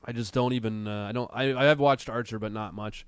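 Male host, sarcastic commentary, a bit under the weather; smooth, close and dry. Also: mid-range voice, fairly even intonation, no room sound. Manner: sarcastic, mocking, drawn-out jokes. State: has a cold. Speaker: livestream show host. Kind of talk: casual commentary reacting to clips and chat.

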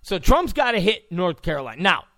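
A male talk radio host who rambles and mocks, with a gravelly, fairly high voice that swoops all over. It sounds dry and close on the mic. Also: very animated, brisk, pushed and bright, dry recording. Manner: rambling, mocking, chuckling asides.

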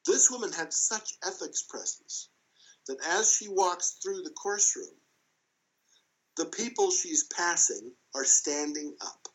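A man as an interview guest, casually telling a story in a lively way and chuckling as he goes. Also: high voice, takes it slowly, rough recording.

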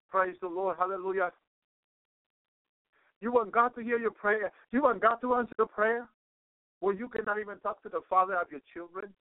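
A man with a high voice delivers a fervent radio sermon, circling back over his phrases and sprinkling in constant praises to the Lord. The sound is thin and phone-like, dry with no room around it. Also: dry recording. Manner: repeats and restarts phrases for emphasis. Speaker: radio preacher. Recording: narrow phone-like radio line.

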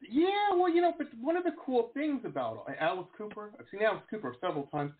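A man in his forties hosting an interview, rambling and excitable with lots of fillers and restarts, on a video call. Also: high voice, a little fast. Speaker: show host. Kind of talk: casual interview chat. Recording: tinny phone-like line.

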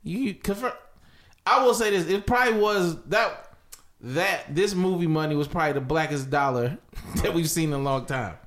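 A comedian on a podcast panel, joking around in casual slang. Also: male voice, fairly high pitch, moderate pace, a bit bright. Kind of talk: casual roundtable chat.

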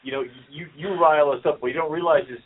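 A man co-hosting a podcast, chatting casually in a joking, excitable way, often acting out what others would say. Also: a little high, fast talker. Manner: joking, excitable, quotes others in animated voices. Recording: tinny phone-like call audio.

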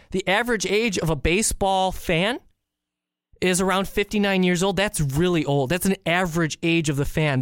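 A man from the Chicago area hosting a podcast, telling a story in an animated, incredulous way. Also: high voice, clean tone, no echo, clean studio sound. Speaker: podcast host. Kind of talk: casual solo podcast rant.

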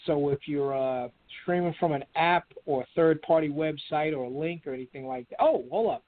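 Guy hosting a call-in show over the phone, fairly high voice, easygoing, sounds tinny. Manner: easygoing, repeats phone numbers slowly. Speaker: show host.

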